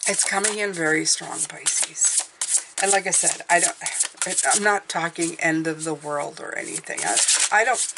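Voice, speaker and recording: A woman's voice: on the low side, lively intonation, unhurried, noisy background. A woman giving an intuitive tarot reading, speaking in a meandering, hesitant way as she thinks aloud. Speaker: tarot reader.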